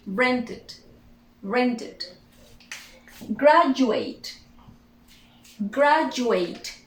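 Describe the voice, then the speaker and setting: Woman, English teacher, slightly high voice, repeats words, distant mic in echoey room. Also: a bit bright, slight background noise. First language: Spanish. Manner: drills words by repeating them several times. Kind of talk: slow, repetitive pronunciation lesson.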